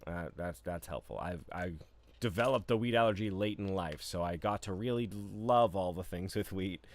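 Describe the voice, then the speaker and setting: Male co-host, deep voice, easygoing stream banter with fillers. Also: moderate pace. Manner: laid-back, rambling with many fillers and restarts. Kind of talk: casual live-stream chat.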